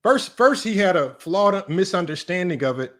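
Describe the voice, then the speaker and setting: A man with a fairly high voice runs a live basketball stream. He argues his point emphatically, circling back and checking in with his chat. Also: animated, moderate pace, a bit bright. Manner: emphatic and repetitive, often asks "right?" and addresses "y'all"; argumentative, talks straight to his live chat. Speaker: sports analytics streamer.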